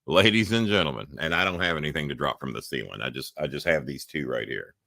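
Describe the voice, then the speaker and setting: Deep forceful man hosting. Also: fast, creaky, no room sound, studio quality. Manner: rambling storyteller, loose and joking. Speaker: talk show host. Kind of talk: casual talk show chat.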